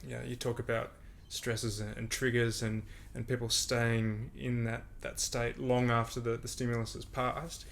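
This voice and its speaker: A man hosts a podcast in a loose, friendly back-and-forth. His mid-range voice has a gravelly fry. He often laughs and leans on everyday examples to explain things. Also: mid-range voice, flat delivery, moderate pace, hardly any pauses, a bit bright, slight background noise. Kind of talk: casual conversation.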